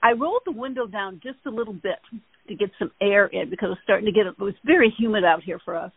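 A woman hosting a casual chat, telling rambling, animated stories. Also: mid-range voice, fast, breathy edge, dry recording. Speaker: host. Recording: tinny phone-like line.

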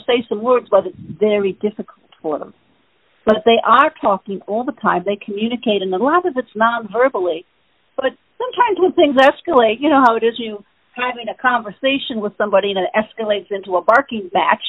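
A woman host answers listener questions in a casual spiritual Q&A held over the phone, explaining things earnestly and at rambling length. Her voice is a little high with a breathy edge. The call audio is tinny and dry, with no room sound.

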